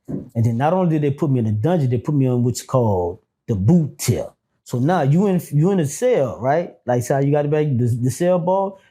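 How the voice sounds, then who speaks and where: A man telling prison stories in a casual interview, animated and profane, acting out quotes. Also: medium pitch, husky. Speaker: guest, former prisoner.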